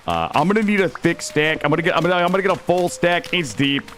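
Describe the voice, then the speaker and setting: A man streaming a game live, excitable, swearing and talking to his chat. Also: a little high, quick pace, a little hiss or hum. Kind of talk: live gameplay commentary.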